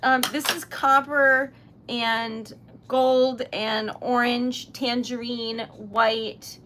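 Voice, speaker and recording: A young woman chats on a live stream in a light, slightly raised voice. She talks loosely and emotionally, full of "um"s and "like"s and quick giggles. A faint hiss of background noise sits under her voice. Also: a little high, little pitch movement, sharp tone. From Rhode Island, US. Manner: chatty, giggly, emotional, many fillers. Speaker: livestreaming small-business owner. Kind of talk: casual live-stream chat while crafting.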